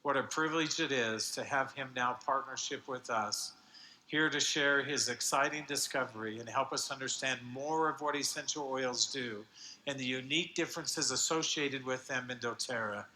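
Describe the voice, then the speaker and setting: A man on stage warmly introducing a guest speaker at a convention. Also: medium pitch, moderate pace, slight background noise. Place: large convention hall. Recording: roomy hall with faint ambience.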